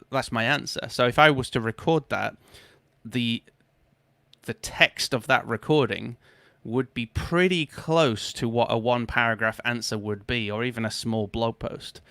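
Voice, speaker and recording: A man's voice: medium pitch, pushed and bright, dry recording. A man hosting a live stream, talking casually and upbeat, often correcting himself as he goes. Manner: chatty, self-correcting, upbeat.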